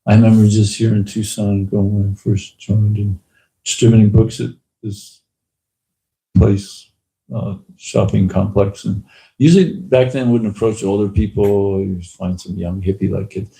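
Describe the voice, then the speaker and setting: A man giving a casual talk at a temple, telling lively anecdotes and acting out the people in them. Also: fairly low pitch, measured pace, vocal fry, poor audio. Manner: lively anecdotal storyteller, acts out quotes. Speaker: temple speaker.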